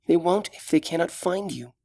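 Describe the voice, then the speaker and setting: A man voicing a frightened but brave young female elf in an audiobook, speaking in urgent, hushed tones. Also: a little high, expressive, moderate pace, pitched above the performer's own voice. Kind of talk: audiobook character voice.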